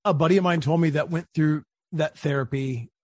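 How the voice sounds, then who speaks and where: Chatty husky male podcast host. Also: on the high side, a little fast, dry recording, studio quality. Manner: animated, chatty storyteller. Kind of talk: casual interview chat.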